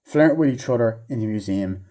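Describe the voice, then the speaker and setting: Guy ranting about a movie, swears every other word, keeps doing the characters' lines, warm low-ish tone. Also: expressive, fairly quick. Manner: profane, rambling, acts out characters' lines in a raised voice. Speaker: movie reviewer. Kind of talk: casual rambling movie review.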